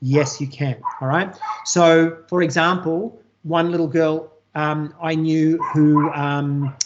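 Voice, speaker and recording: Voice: mid-range voice, steady tone, slow, noisy background. A teacher giving a live online demonstration of a reading tool, talking casually and checking in with "all right?" after nearly every point. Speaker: teacher presenting a workshop. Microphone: computer mic on a video call. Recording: muffled lo-fi video call audio.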